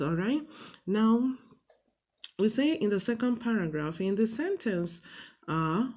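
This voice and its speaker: A woman's voice: medium pitch, mellow. A woman teaching a grammar lesson for a TV series, explaining patiently and checking in with "okay?" after each point. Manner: slow, patient, repeats "okay?" and "all right?". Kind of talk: classroom lesson on TV.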